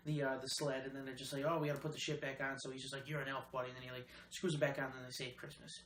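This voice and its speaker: A man's voice: medium pitch, level tone, rapid-fire, fairly bright tone. A young man hosting a casual chat, rambling through movie plots, swearing a lot and hedging with "like". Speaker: host. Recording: roomy echo, faint noise.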